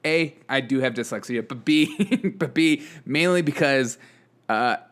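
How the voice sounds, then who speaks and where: A man with a medium-pitched, slightly bright voice speaks a little slowly. He hosts a political commentary show, reading headlines with sarcastic asides and often laughing between stories in a casual news-commentary style.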